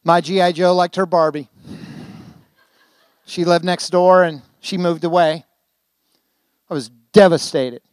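A man's voice: high-pitched, fairly even intonation, clear, resonant tone, dry recording. An older man preaching a sermon in a church, telling folksy stories and asking the congregation rhetorical questions. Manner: folksy storytelling with quick asides and rhetorical questions. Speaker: guest preacher. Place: church sanctuary.

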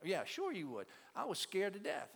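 A man, somewhat high-pitched, tells his testimony to a church audience. He is an earnest storyteller who stumbles and repeats his words. His voice rings with a long reverb through the auditorium. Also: wildly swooping pitch, moderate pace, vocal fry, a bit bright, breathy edge. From South Louisiana. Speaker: ministry teacher.

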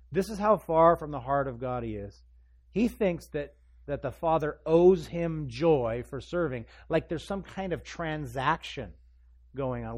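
Male pastor delivering a lively sermon, mid-range voice, swells in volume for emphasis and plays the characters he quotes. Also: medium pitch, moderate pace, dry recording. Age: adult parent. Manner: animated, acts out scripture voices, rising emphasis.

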